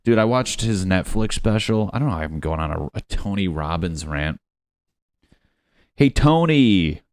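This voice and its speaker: A man's voice: sits low, moderate pace, no room sound, studio quality. A young man hosting a solo comedy podcast from his apartment, rambling and profane, slipping into silly quote voices. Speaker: podcast host. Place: his apartment on a lunch break.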